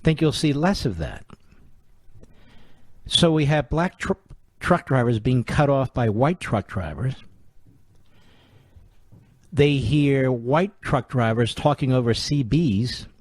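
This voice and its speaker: A male talk radio host at mid pitch, sarcastic and combative, firing off rhetorical questions. His voice is close and dry, with no room sound around it. He keeps up a steady opinion monologue. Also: slow pace, long pauses, no echo.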